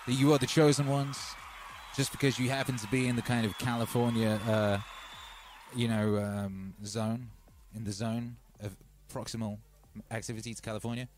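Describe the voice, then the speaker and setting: A man's voice: medium pitch, steady tone, normal speed, a little hiss or hum. A man hosting a live music stream, rambling in casual chat and calling out to viewers as brothers and sisters.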